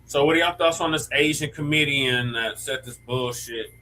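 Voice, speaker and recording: A man's voice: mid-range voice, normal speed, bright, forceful tone, a little hiss or hum, low-quality recording. A man on a casual panel, dropping terse and dismissive remarks.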